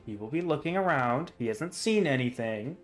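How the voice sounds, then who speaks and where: A man's voice: mid-range voice, expressive, moderate pace, faint music behind, natural voice. A man voicing a weary, sleep-deprived male town constable in a tabletop game. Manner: tired, grumbling.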